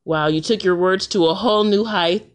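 A woman talking casually into a recorder, telling a story in an animated, colloquial way and laughing often. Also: moderate pace. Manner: animated storytelling, jumps high for reactions. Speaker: podcaster. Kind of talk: casual monologue. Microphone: handheld recorder.

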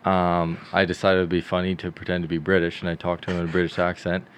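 A man's voice: low voice, completely flat delivery, fast, slight background noise. A man co-hosting a movie podcast, chatty and telling anecdotes. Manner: chatty storyteller. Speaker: podcast co-host.

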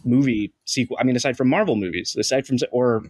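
A man's voice: medium pitch, fast, husky, no echo. Enthusiastic man, dry close sound. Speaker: co-host. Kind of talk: casual podcast chat.

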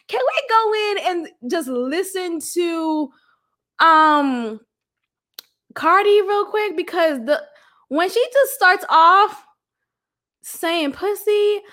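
A woman's voice: sits high, fairly bright tone. A young adult woman hosting a podcast, talking bluntly and frankly with swearing and laughs. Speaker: podcast host. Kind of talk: candid solo podcast talk.

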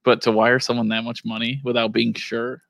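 Man, podcast co-host, teasing interjections, gravelly fry, dry close sound. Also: medium pitch, level tone, fairly quick, fairly bright tone, dry recording. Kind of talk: casual chat.

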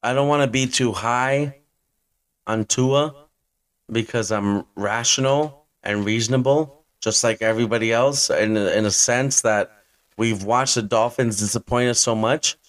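A man's voice: medium pitch, measured pace. A man in his twenties hosting a fantasy football podcast, ranting hyped-up and blunt, with some swearing. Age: 20s. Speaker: podcast host.

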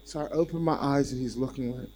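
A man preaching a sermon as a visiting speaker, telling a story in an animated and self-deprecating way. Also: medium pitch, fast talker, a little hiss or hum.

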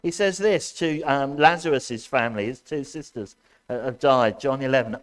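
A man preaching a sermon as pastor to his church, loud and impassioned, asking his congregation questions as he goes. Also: fairly high pitch, very animated, moderate pace. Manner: addresses congregation directly, asks questions.

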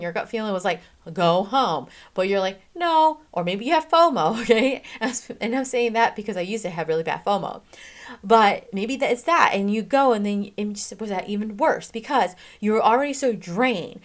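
A chatty woman hosting a self-help talk, her voice in a middle register. She talks with emphatic, animated energy, speeding up and slowing down and leaning hard on key words. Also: mid-range voice. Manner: emphatic, chatty, frequent "okay?" and "freaking"; animated, swings in pace and loudness, laughs often. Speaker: self-help podcast host. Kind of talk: casual motivational talk.

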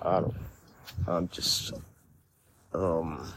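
A man co-hosting a comedy podcast, giving short, low, hesitant replies. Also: little pitch movement, drawn-out words, noisy background. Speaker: podcast co-host.

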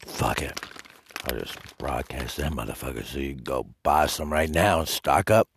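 A man's voice: rumbling low, normal speed, vocal fry, slight background noise. A man from Detroit hosting a crude, rambling solo radio show, cursing and mock-insulting his listeners as he talks. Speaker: radio host.

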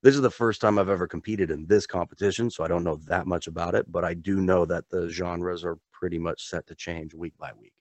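Laid-back man with a low voice. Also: fairly even intonation, brisk, darkish tone, no echo. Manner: rambling, laid-back, with chuckles. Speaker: podcast co-host. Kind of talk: casual chat.

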